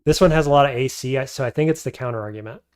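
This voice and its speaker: A man's voice: mid-range voice, racing, smooth. A man streaming a game, thinking aloud as he weighs his options and answers chat. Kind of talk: casual live-stream commentary.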